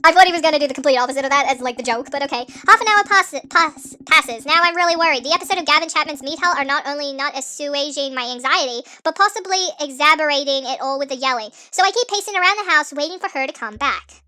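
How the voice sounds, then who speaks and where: A woman narrating a story game with jokey asides and tripping over words, with a sped-up, pitched-up nightcore effect. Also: fast, few pauses, sharp tone. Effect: sped-up, pitched-up nightcore edit. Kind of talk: playthrough narration with commentary.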